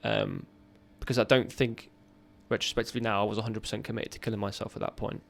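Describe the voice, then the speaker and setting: A man in his thirties, a podcast guest, telling a raw personal story in an earnest, halting way. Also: lowish voice, level tone, creaky, a bit bright.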